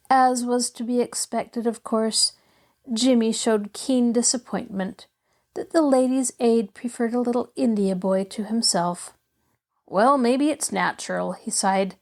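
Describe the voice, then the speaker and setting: A woman hosting a podcast and narrating a classic children's novel in a clear, even storytelling manner. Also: fairly high pitch. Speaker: host and narrator. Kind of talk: audiobook narration.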